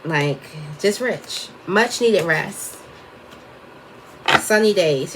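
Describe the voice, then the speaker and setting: A woman's voice: mid-range voice, expressive, unhurried, fairly bright tone, a little hiss or hum. A woman giving a casual tarot reading, chatty and wandering off topic as she talks to her viewers. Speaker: tarot reader.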